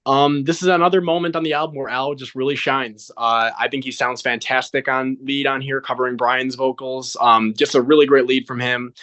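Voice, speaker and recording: A man's voice: mid-range voice, little pitch movement, a little fast, hardly any pauses, a bit bright, highs cut off. A man hosting a music podcast, introducing each segment in a structured way with frequent "um"s. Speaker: podcast host. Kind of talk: casual chat.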